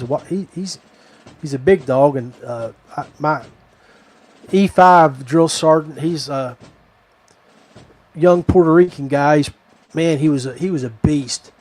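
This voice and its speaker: A man's voice: on the high side, measured pace, pauses often, a little mellow. A middle-aged man from Virginia, hosting a podcast and telling a rambling, digressive story. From West Virginia. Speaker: podcast host. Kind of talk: casual storytelling.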